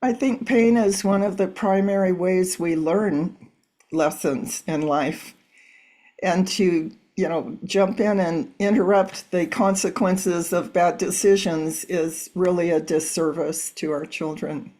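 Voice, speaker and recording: A woman's voice: lowish voice, takes it slowly, dark tone. A middle-aged woman hosting an interview, reading an introduction and asking prepared questions. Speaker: host.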